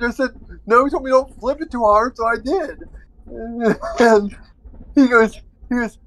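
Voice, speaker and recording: A man's voice: very high voice, normal speed, a bit bright, slight background noise, low-quality recording. A man on voice chat during a gaming stream, telling a rambling anecdote in casual chat and acting out the back-and-forth of a conversation.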